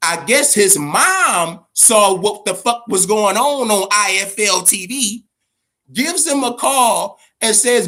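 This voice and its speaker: Man, boxing show host, high voice, profane, rambling. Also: animated, a little slow, bright, forceful tone. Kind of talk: casual boxing talk show.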